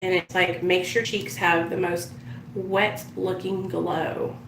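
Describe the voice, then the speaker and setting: A woman's voice: lowish voice, little pitch movement, slow pace, creaky, reverberant, far from the mic, background noise. A woman chatting casually on a live stream, telling stories and swearing freely as she does her makeup. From United States. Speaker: vlogger.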